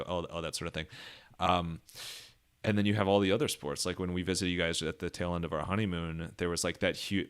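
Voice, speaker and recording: Deep-voiced man hosting a chatty podcast. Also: fairly bright tone. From Ohio, United States. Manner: chatty, laughing, many fillers and restarts. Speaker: podcast host. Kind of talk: casual interview chat.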